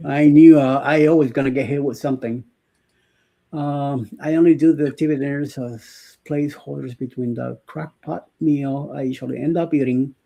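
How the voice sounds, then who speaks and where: A man's voice: mid-range voice, steady tone, normal speed, gravelly, mellow. A man co-hosting a casual morning live show, joking and rambling with lots of fillers and laughter. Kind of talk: casual live-stream chat.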